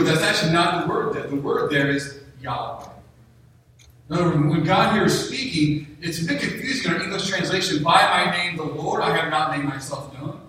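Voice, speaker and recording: A man preaching a sermon in a conversational way, slowing down to read scripture aloud. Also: a little high, a bit bright, slight background noise. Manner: conversational, reads scripture slowly. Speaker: pastor. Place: church sanctuary. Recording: echoey hall, distant mic.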